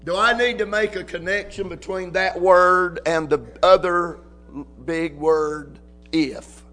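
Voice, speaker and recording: A man preaching a sermon as pastor at a church service, reading scripture with slow emphasis and rising to loud cries. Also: high-pitched, fairly even intonation, soft background music.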